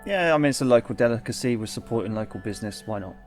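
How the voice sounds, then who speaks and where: A man's voice: medium pitch, lively intonation, racing, faint music behind. A man hosting a let's play, reading the game's text aloud and chatting, correcting himself and laughing often.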